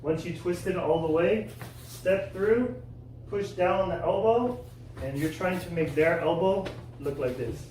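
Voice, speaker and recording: A man teaching a kids' martial arts class, coaching step by step, checking in with "okay?" and shouting loud kiai cries. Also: high-pitched, measured pace. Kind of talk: follow-along class instruction for kids. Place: indoor martial arts studio. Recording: echoey room, from far off, faint noise.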